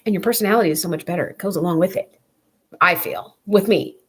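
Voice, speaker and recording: A woman's voice: fairly low pitch, fast, breathy edge. A young woman chatting casually to camera on her vlog, blunt, profane and rambling. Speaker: vlogger.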